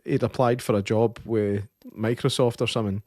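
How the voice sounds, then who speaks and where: A man's voice: lowish voice, fairly even intonation, normal speed, a little mellow, no room sound, studio quality. A Scottish man co-hosting a podcast, telling stories in a rambling, self-correcting way in casual chat. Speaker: podcast co-host.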